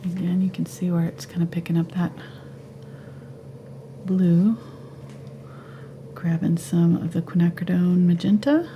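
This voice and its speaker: A woman giving a live painting tutorial at home, relaxed and thinking aloud as she paints. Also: fairly low pitch, a little slow, long pauses, dull audio, a little hiss or hum. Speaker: painting instructor.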